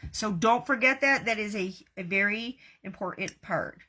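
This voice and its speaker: A middle-aged woman, hosting a live craft tutorial and chatting warmly and folksily with her viewers. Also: medium pitch, normal speed. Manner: warm, talks straight to viewers with folksy asides. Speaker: craft host.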